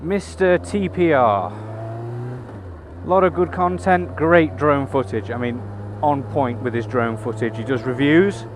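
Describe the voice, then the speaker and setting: This vlogger speaks at a measured pace in a medium-pitched voice as he rides his motorbike through town. He chats casually into the helmet camera mic, swearing freely and adding wry asides, with road and engine noise audible.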